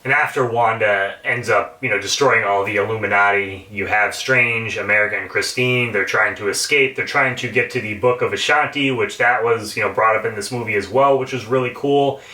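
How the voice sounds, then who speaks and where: A man talks through a film's plot in a casual, excited review, cursing now and then. His voice is bright and forceful. He sits a little back from the mic in a room with a noticeable echo. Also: fairly low pitch, brisk, few pauses, distant mic. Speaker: movie reviewer. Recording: roomy echo, a bit off the mic.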